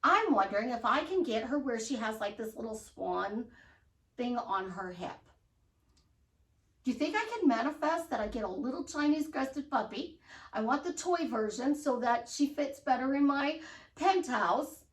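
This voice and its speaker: Bubbly high-voiced woman life coach. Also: moderate pace, echoey room, far from the mic, low-quality recording. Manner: animated, acts out excited affirmations. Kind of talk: motivational talk to camera.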